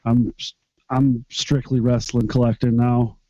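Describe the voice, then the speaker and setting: Brief: a laid-back male guest from Michigan, mellow voice over a slightly dull call-in line. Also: mid-range voice, level tone, measured pace, no echo. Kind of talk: casual chat.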